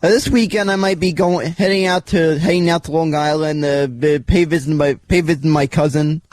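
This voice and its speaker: A man co-hosting a call-in radio show, answering in halting, stumbling phrases that repeat words. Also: a little high, steady tone, darkish tone, dry recording. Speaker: radio co-host.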